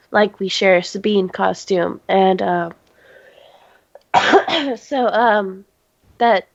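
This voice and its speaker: A teenage girl co-hosting a casual chat, sick and coughing, giggly and halting with lots of restarts. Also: mid-range voice, dry recording, dull audio. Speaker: podcast co-host.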